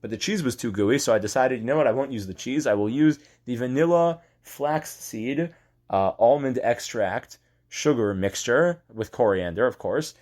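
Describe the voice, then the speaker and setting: Deadpan halting male storyteller, lowish voice. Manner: deadpan, halting with many fillers and restarts. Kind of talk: improvised comic storytelling.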